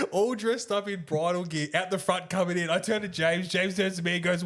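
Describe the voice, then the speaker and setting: A man's voice: high voice, animated, a little fast, fairly bright tone. Rowdy, laughing man telling stories. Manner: rowdy, laughing, swears freely, acts out other people's lines. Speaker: podcast co-host. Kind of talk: casual storytelling chat.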